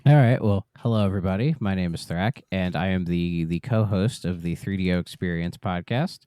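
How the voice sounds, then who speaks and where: Male podcast guest, low and smooth, relaxed and halting, dry sound. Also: no room sound. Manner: easygoing, restarts a lot. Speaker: podcast guest, co-host of another show. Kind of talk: casual podcast chat.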